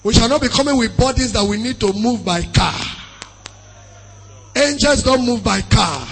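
A middle-aged man preaching a sermon and answering questions, swinging between shouting and softly singing scripture. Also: very high-pitched, expressive, measured pace, pauses often, faint music behind.

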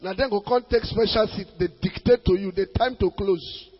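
A Nigerian man preaching a sermon as a pastor, emphatic, with sudden loud bursts. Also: sits high, moderate pace, slightly rough, in a large hall, lo-fi sound.

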